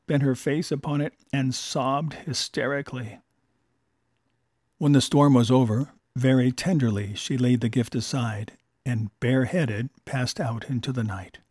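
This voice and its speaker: A man reads an old-fashioned story aloud in a measured, expressive manner. His voice sits in a middle register and sounds dry and close, with no room sound. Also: mid-range voice, dry recording. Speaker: narrator. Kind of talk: storybook narration.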